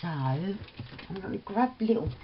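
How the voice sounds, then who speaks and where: A woman's voice: mid-range voice, animated, a little slow. An older woman with a Cockney London accent, chatting casually and rambling through a crafting vlog, laughing often and using homely slang. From England. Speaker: crafting vlogger. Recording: slightly dull lo-fi audio with faint noise.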